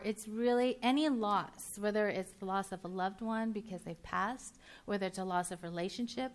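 Chatty woman giving a casual sermon. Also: mid-range voice. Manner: chatty, with filler words and quick restarts; laughs easily and banters with the audience. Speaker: preacher.

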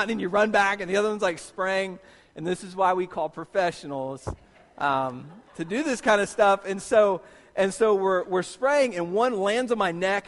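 A man preaches in a high, bright-edged voice, telling his story with lively, acted-out reactions. His words ring with the long reverb of a large hall. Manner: animated storyteller, acts out his own reactions. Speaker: pastor. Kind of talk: sermon with personal anecdote.

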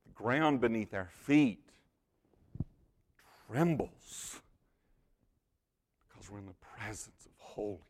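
A man giving a sermon and speaking straight to the congregation, swinging between hushed, near-whispered lines and loud, emphatic bursts. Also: lowish voice, expressive, slow pace, long pauses. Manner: direct address to the congregation. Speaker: pastor.

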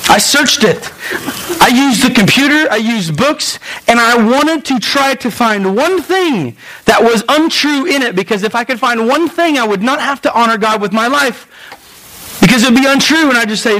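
A man in his thirties with a fairly high voice preaches to his congregation. His delivery is earnest and personal, and it leans into emotion. He repeats phrases to drive his points home. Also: expressive, normal speed, fairly bright tone, low-quality recording. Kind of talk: sermon. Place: room with a live congregation.

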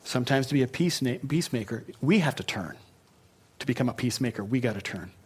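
A man giving a sermon as a pastor. He talks in a relaxed, conversational way and breaks off for joking asides. His voice sits at an ordinary middle pitch. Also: fast, slightly rough.

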